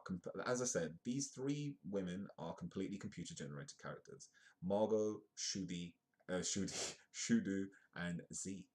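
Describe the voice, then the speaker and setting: Low-voiced man reading news with chatty asides. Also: a little mellow. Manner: rambling, self-correcting, chatty asides between read articles. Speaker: host of a live comedic news stream.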